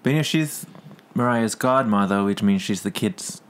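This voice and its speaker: A male podcast co-host with a fairly low voice chats casually, throwing in short jokes and quick agreements. His talk is light and easygoing, keeping the back-and-forth moving. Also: clean tone. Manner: quick joking asides, laughs easily. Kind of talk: casual chat.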